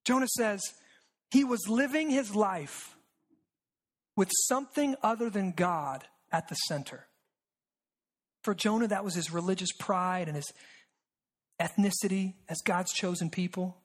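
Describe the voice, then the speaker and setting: A preacher giving a sermon who repeats phrases, asks "right?" often, and sinks low and quiet to stress a point. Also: unhurried, pauses often. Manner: rhetorical and repetitive, with frequent "right?" asides; drops low and quiet for emphasis.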